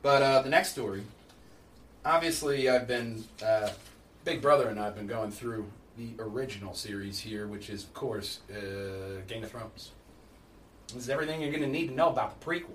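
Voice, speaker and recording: A man hosting a casual podcast chat, animated and laughing often, explaining things at length. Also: mid-range voice, moderate pace. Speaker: podcast host. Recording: echoey room, distant mic, faint noise.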